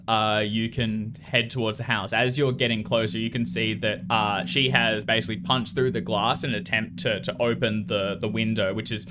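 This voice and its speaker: A man narrating as game master of a tabletop horror game, unhurried and halting with fillers. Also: on the low side, background noise.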